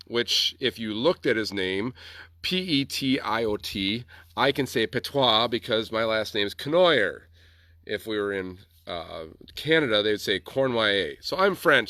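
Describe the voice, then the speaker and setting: Chatty Midwestern man, bright dry voice. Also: mid-range voice, no room sound. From Wisconsin. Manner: rambling, chatty storytelling with asides. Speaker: host. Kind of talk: casual chat.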